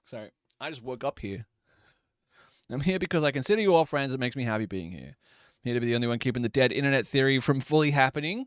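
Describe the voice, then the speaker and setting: A man's voice: mid-range voice, animated, quick pace, smooth, no room sound, studio quality. A man live-streaming from his desk at home, chatting casually, joking, laughing and swearing while he bakes.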